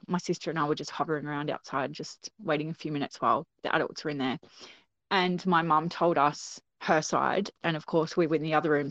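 Low-voiced woman telling a story. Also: fairly bright tone, dry recording. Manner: conversational, many fillers, acts out quotes. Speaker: guest. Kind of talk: casual storytelling. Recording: dull lo-fi recording.

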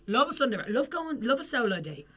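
A woman's voice: on the high side, fast talker. A woman co-hosting a podcast, telling a story in casual chat and acting out the people she quotes, laughing often. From England. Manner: animated storyteller who acts out quoted voices and laughs a lot. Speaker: podcast co-host.

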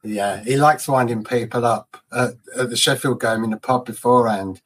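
A man's voice: medium pitch, steady tone, moderate pace, a bit bright. A man co-hosting a casual football podcast, chatty and fond of telling anecdotes. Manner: chatty storyteller, laughs at his own anecdotes. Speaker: podcast co-host.

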